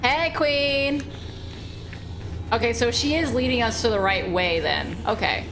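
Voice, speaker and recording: A woman's voice: mid-range voice, sing-song, brisk, background noise. Foul-mouthed woman streaming a horror game. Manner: exclamatory, swears, talks back at the game. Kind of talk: live gameplay commentary.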